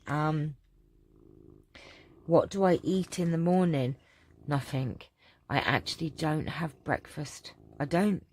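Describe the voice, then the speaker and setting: A woman with a sore, hoarse throat, chatting casually through a vlog Q&A with lots of ums and throat-clearing. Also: sits low, a little mellow. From England. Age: adult, about to marry. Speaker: crafting channel host.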